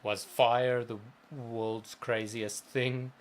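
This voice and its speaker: A man's voice: mid-range voice, little pitch movement, extremely slow, a little hiss or hum. A man co-hosting a gaming livestream, talking in a thoughtful, rambling way that is full of restarts. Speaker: co-host of a gaming stream. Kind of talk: casual chat.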